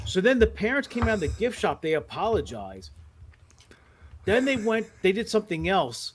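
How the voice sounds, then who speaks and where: Dude with a highish voice telling swear-heavy stories on a podcast, laughing a lot. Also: male voice, normal speed, slight background noise. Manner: animated, profane, laughs through his stories. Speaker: podcast guest who works as a mall Santa. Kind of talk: casual podcast storytelling.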